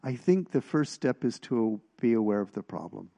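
A man preaching in a relaxed, conversational way, his voice gravelly with fry. He leans on emphasis and keeps asking the listeners questions. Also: medium pitch, moderate pace. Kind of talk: sermon.

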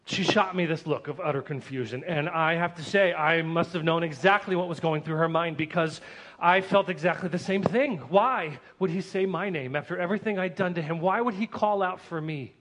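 A man narrating a dramatic first-person story in an earnest, emotional way, swelling with excitement at tense moments. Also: a little high, moderate pace, hardly any pauses.

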